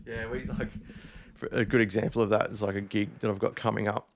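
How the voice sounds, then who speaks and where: A man's voice: lowish voice, fairly even intonation, brisk, noisy background. A man, a DJ guest, chatting loosely and swearing freely in a casual conversation. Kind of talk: casual chat.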